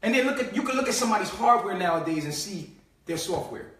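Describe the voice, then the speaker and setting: In a casual live-stream monologue, a high-voiced host rants loosely in a streetwise, profane, mocking way, sinking into low mutters before bursting out loud. He's expressive and quick, and sounds far from the mic in a very echoey room.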